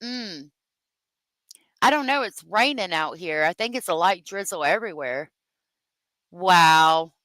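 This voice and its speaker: A woman hosting a casual true crime livestream. She talks slowly, chats away and laughs often. The sound is close and dry, with no room echo. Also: fairly low pitch, animated, a bit bright. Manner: chatty, laughs often, drawn-out exclamations. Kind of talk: casual livestream chat reading comments.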